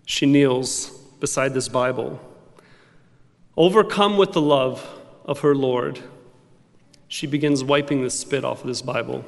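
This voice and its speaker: A man's voice: mid-range voice, unhurried, gravelly, long pauses, long reverb tail. A man preaching a sermon in an emphatic, repetitive cadence. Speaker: pastor.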